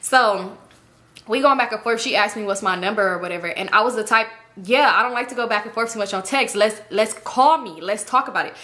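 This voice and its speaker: A woman vlogger casually telling a profane, animated story and acting out the voices. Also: mid-range voice, fairly quick.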